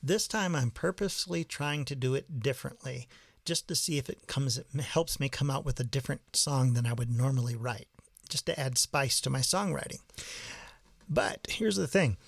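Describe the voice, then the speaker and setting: A man's voice: mid-range voice, normal speed, vocal fry, dry recording, studio quality. A man explaining songwriting in a patient, methodical way, using everyday analogies in a video lesson. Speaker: songwriting teacher.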